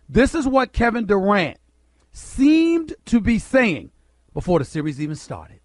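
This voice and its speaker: Emphatic high-voiced man on sports radio. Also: sing-song, a little slow, no room sound. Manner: emphatic, rhetorical, addresses listeners directly. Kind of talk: sports talk monologue. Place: radio studio.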